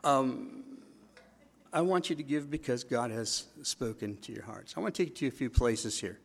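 A man pastor preaching a sermon, acting out quotes with lively asides. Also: medium pitch, normal speed, gravelly, slightly rough.

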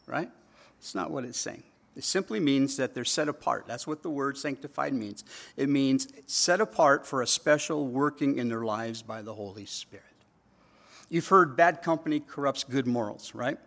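A man's voice: medium pitch, moderate pace, creaky, fairly bright tone. A middle-aged man, preaching a sermon in a conversational way and slipping into quoted voices. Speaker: pastor.

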